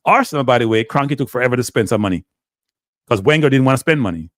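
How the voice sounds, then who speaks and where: A man hosting a casual football talk show, asking animated rhetorical questions and talking with Jamaican-tinged phrasing. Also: medium pitch, fast talker, dry recording, studio quality. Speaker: show host.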